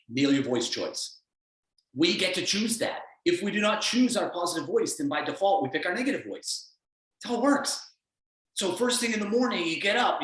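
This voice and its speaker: A man's voice: on the high side, a bit bright, heavy reverb, far from the mic, poor audio. A man giving a blunt, emphatic motivational talk as a performance coach on a call.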